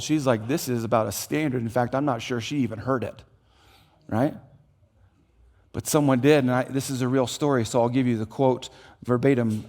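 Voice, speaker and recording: A male pastor giving a sermon in a church, telling a story in an animated way, moving from hushed to loud. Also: medium pitch. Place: church auditorium.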